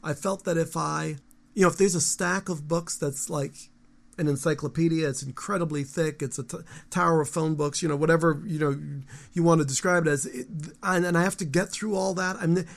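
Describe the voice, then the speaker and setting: A man in his fifties with a gravelly, fry-edged voice, pitched a little higher than most men. He rambles through animated stories in a relaxed interview, often restarting his sentences. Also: brisk. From United States. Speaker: guest musician. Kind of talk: casual interview talk.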